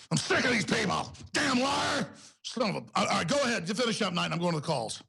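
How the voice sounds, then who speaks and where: A male talk show host in an angry, profane on-air rant, shouting insults at his targets. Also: high-pitched, very animated, a little fast, vocal fry, slightly rough.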